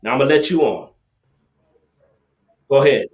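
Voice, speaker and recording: A man's voice: mid-range voice, normal speed, darkish tone. A man hosting a livestream debate, ranting confrontationally and repeating his points over a laptop webcam setup. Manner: confrontational, preachy, repeats himself. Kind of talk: livestream rant and call-in debate. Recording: echoey, dull lo-fi webcam audio.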